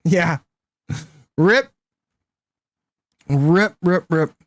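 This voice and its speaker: A man's voice: on the high side, extremely slow, no echo, clean studio sound. A man streaming a card game live, thinking aloud in casual commentary and often tagging his lines with "right?".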